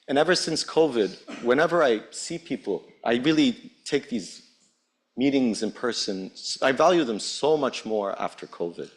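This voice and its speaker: A man speaking as a rapporteur at a conference, heartfelt and impassioned, with pauses between phrases. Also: medium pitch, lively intonation. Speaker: UN special rapporteur giving a speech. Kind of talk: earnest public speech. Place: conference hall.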